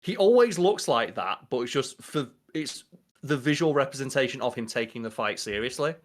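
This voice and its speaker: A man's voice: mid-range voice, lively intonation, normal speed. A young adult man co-hosting a podcast, chatting casually and riffing with a lot of swearing. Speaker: podcast co-host. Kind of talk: casual chat.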